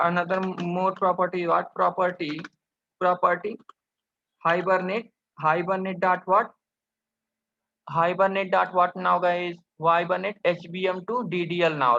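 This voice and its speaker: A man teaches programming over a screen recording, asking "what?" again and again. His voice sits high and sounds bright and sharp. The recording is dull and lo-fi. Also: vocal fry. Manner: keeps asking rhetorical questions, addresses viewers as guys. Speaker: programming instructor. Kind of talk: screen-recorded coding tutorial.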